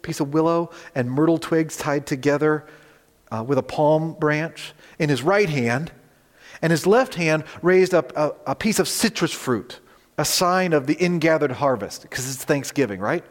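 A male pastor preaching a sermon, animated, rising loud on quoted words and turning to the congregation with conversational asides. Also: on the high side, a little slow, long reverb tail.

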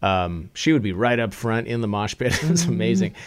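A man's voice: on the low side, sing-song, a little fast. Rambling storytelling man on a podcast. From Seattle area. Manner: rambling anecdotes with self-corrections. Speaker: musician guest. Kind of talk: casual podcast chat, storytelling.

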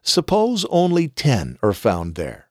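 A man's voice: medium pitch, wildly swooping pitch, slow, a little mellow, no echo, studio quality. A man reading the part of an elderly patriarch in scripture, earnest and imploring. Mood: pleading. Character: pleading elderly male patriarch bargaining.

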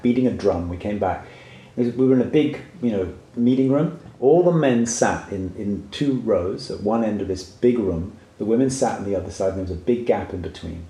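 Earnest man telling a story, low mellow voice. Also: reverberant. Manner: earnest, reflective, checks in with "right?". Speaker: guest, workshop facilitator. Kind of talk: personal storytelling in a conversation.

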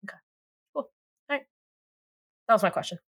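This podcast co-host talks a little fast with a fairly bright tone as she recaps a TV show. The chat is casual, and she's giggly and rambling, using lots of fillers and laughing often.

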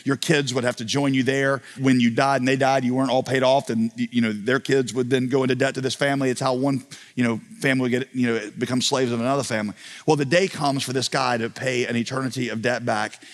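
A man preaching a sermon as a pastor, telling a parable with animated storytelling and acting out the voices of its people. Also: mid-range voice, fast talker, long reverb tail.

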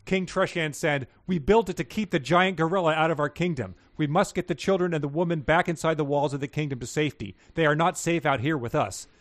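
Guy podcast cohost, kinda high voice, reads stuff out and chuckles, chatty. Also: a little fast, hardly any pauses, dry recording. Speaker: podcast co-host. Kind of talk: casual chat and reading book passages aloud.

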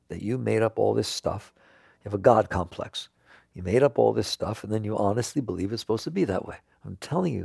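A man giving an earnest spiritual talk to an audience, now and then laughing and jumping up in pitch for emphasis. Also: expressive, a little fast, creaky, warm tone, breathy edge, no echo, clean studio sound. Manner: earnest, laughs and jumps high when emphatic. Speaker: spiritual teacher.

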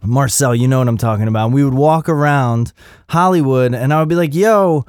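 A man's voice: mid-range voice, a little fast, a little mellow, clean tone, no echo, studio quality. Profane, rambling middle-aged man host. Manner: profane, rambling and self-mocking. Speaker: podcast host. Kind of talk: casual solo podcast rant. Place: Los Angeles area.

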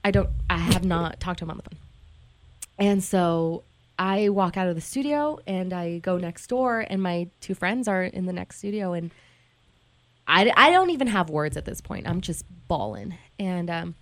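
A woman sits in a radio studio as a guest, opening up about an emotional story from her life with lots of "like" and frequent restarts. She speaks in a lowish, animated voice at a moderate pace.

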